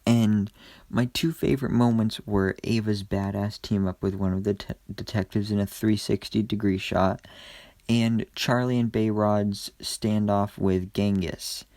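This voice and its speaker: A man's voice: fairly low pitch, fairly even intonation, a little slow, darkish tone, no echo. A man giving a chatty, enthusiastic recap and review of a TV episode, with frequent ums and restarts.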